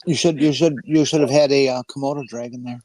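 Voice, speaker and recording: A man chatting over a video call, halting and sardonic, with many ums and restarts. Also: mid-range voice, steady tone, mellow, no room sound, rough recording. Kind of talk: casual chat.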